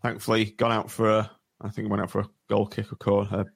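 A man's voice: fairly low pitch, completely flat delivery, fast talker, vocal fry, breathy edge. A man hosting a casual football podcast, steering the chat and bluntly disagreeing. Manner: steers the talk, blunt and contrary. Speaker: podcast host.

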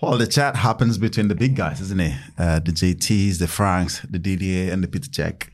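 A man in his thirties talks casually with a fairly low voice, telling dressing-room stories. He swings between mumbled asides and loud acted-out quotes. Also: normal speed. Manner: animated, acts out quotes in raised voice. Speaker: guest, former footballer. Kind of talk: casual interview storytelling.

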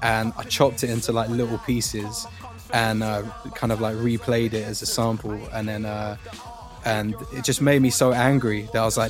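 A man, a music producer, talking in a relaxed, rambling way with many ums during a casual interview. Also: lowish voice, moderate pace.

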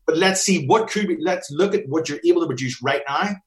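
A man's voice: on the high side, brisk. A man talking as a fitness business coach in a casual chat, blunt and swearing often, acting out bits of dialogue.

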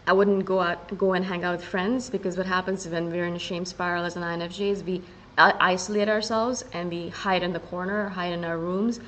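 A woman hosting a solo podcast, talking in a casual and earnest way and often slowing down to stress her point. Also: on the low side, fairly even intonation, fairly bright tone, a little hiss or hum, rough recording. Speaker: podcast host.

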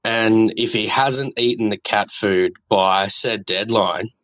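A man leaving a casual voice message, swearing freely and pausing on fillers. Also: lowish voice, fairly bright tone, no room sound, faint music behind. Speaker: caller. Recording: dull lo-fi phone message.

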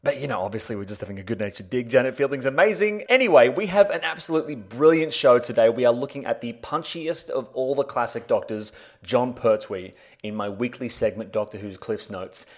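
A man hosting a podcast, talking in a jokey way full of quick asides. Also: medium pitch. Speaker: podcast host. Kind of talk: comic podcast monologue.

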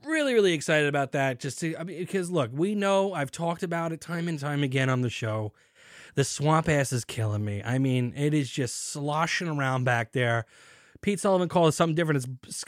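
A young man hosting a casual beer podcast, jokey and animated, swinging into mock announcer bits. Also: on the high side, brisk, no echo, clean studio sound. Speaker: podcast host.

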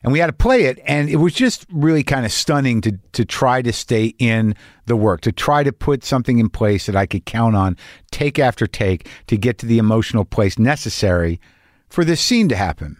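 A middle-aged actor talking in a rambling, earnest way in a casual personal vlog, swearing now and then. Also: male voice, medium pitch, expressive, normal speed, dry recording, clean studio sound.

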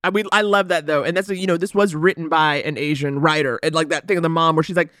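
A woman's voice: low-pitched, fast, no room sound, studio quality. A woman co-hosting a casual film review, acting out characters' lines as she recaps. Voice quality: animated, acts out characters' lines. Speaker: podcast co-host.

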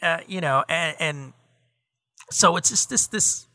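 A man's voice: a little high, slow, pushed and bright, no echo, studio quality. A middle-aged man co-hosting a podcast, ranting in casual chat with lots of profanity and a stream of fillers. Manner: rambling, profane, heated ranting with many fillers. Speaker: podcast co-host.

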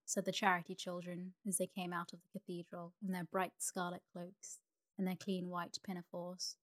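A woman narrator reading a sleep story in a calm, even manner. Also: on the low side, a little fast.

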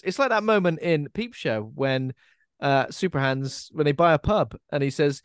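A man with a very lively, up-and-down voice, co-hosting a podcast in casual chat. He is recorded dry and close, with no room sound, and his quick asides tend to trail off quietly. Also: on the high side, clear, resonant tone, dry recording. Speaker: podcast co-host.

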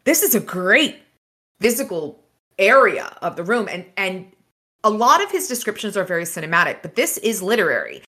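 A woman co-hosting a casual book podcast, chatting about chapters and reading passages aloud in an animated way. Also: mid-range voice, normal speed. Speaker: podcast co-host.

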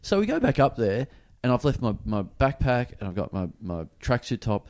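A man hosting a podcast, telling a story in a casual, sweary, animated way and acting out every voice in it. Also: medium pitch, normal speed. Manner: animated, sweary, acts out both sides of a story. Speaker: podcast host.

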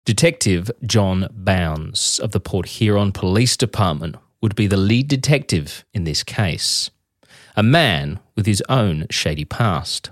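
A man hosting a podcast, reading a measured, scripted true-crime narration. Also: on the low side, animated, dry recording, studio quality. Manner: measured, reads narration evenly. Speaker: podcast host.

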